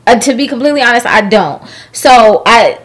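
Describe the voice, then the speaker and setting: A woman's voice: fairly high pitch, expressive, fairly quick, a bit bright. Rambling, reflective woman podcast host. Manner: reflective, rambling, many "you know what I mean". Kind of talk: casual chat.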